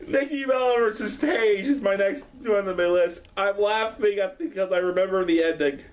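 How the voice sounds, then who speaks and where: A man doing a rambling casual vlog at home, excitable and profane, laughing often. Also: high-pitched, normal speed, recorded from a distance. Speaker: vlogger.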